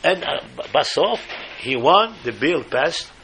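An older man from Morocco, giving an animated, emphatic storytelling sermon and slipping Hebrew phrases into his English. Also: fairly high pitch, a little slow, slight background noise. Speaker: speaker giving a religious talk.

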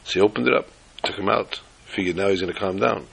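A man teaching an informal Torah class, telling jokes and stories with lively jumps in pitch for emphasis. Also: quick pace, vocal fry, husky. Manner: animated storyteller who jumps to high pitch for emphasis.

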